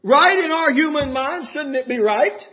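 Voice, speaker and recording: A man preaching with a strikingly high, bright voice that swings lively up and down. He moves from folksy, chuckling asides into fervent, shouted exhortation. The recording is dull and lo-fi. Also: measured pace. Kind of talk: sermon. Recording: dull lo-fi sound.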